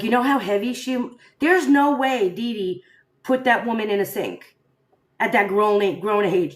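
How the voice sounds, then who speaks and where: A woman hosting a casual live stream, talking straight to her viewers and firing rhetorical questions at them. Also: fairly high pitch. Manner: animated, rhetorical, addresses viewers directly. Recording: echoey room sound.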